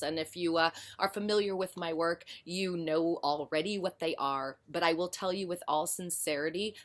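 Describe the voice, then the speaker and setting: A woman's voice: fairly low pitch, a bit bright. A woman early childhood educator talking to fellow teachers in a frank, passionate and emphatic way. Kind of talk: casual spoken commentary.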